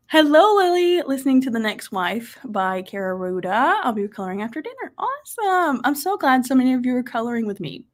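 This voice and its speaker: Chatty livestream host, young woman, animated comment reader. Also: high-pitched, fairly quick, hardly any pauses. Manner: bubbly, reads viewer comments aloud and reacts. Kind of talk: casual livestream chat reading comments.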